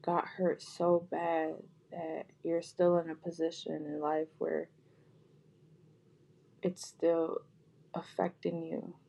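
Gravelly, dark-voiced woman offering heartfelt apologies. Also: sits low, monotone, slow pace, pauses often. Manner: gentle, soft-spoken, repetitive, with frequent restarts. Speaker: vlogger. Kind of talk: heartfelt spoken apology to viewers.

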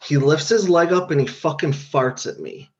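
A man's voice: fairly high pitch, lively intonation, normal speed, noisy background. Laid-back man from upstate New York. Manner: laid-back, profane storytelling. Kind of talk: casual recovery talk. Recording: dull lo-fi sound.

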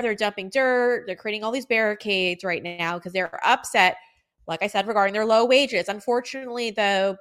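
A woman's voice: medium pitch, fairly bright tone. Female news host, conversational and opinionated, mid-range voice. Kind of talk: news commentary and interview.

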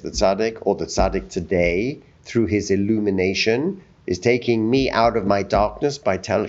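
A man teaching a Torah text in a study discussion, telling stories with animated acted-out voices. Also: on the low side. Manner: animated storytelling, acts out quoted voices. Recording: dull lo-fi recording.

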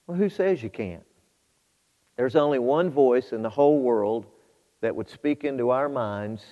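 A man preaching a sermon, shifting between quiet storytelling and loud, fervent exhortation to his congregation. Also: mid-range voice, a little slow. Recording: muffled hall with long reverb.

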